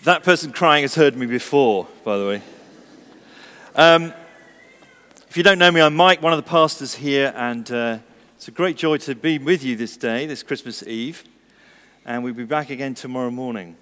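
A man's voice: mid-range voice, moderate pace, fairly bright tone. Man preaching in a reverberant church. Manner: conversational storytelling with humour. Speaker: pastor. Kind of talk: sermon. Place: church service.

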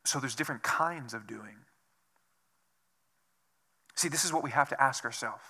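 A man's voice: mid-range voice, normal speed, pushed and bright, breathy edge. A man preaching a sermon as pastor, asking rhetorical questions over and over and dropping to a whisper for emphasis. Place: church.

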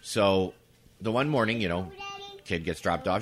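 A man co-hosting a podcast, telling stories in casual chat, swearing freely and breaking into shouted impressions. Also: deep voice, unhurried. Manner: animated, breaks into loud shouted impressions and laughs. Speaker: podcast co-host. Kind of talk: casual storytelling.

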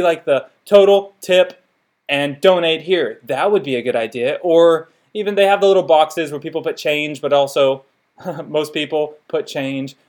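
A young man hosting a podcast in a loose, rambling monologue. His voice sits a bit high for a man, and he keeps laughing at his own awkward stories and making fun of himself. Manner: rambling, self-deprecating, laughs often. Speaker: podcast host. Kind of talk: casual comedic monologue.

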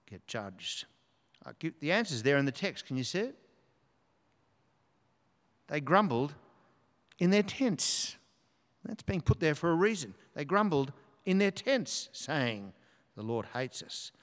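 A man's voice: mid-range voice, fairly bright tone. A man preaching a sermon in a church, earnestly reading scripture aloud with emphasis. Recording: long hall reverb.

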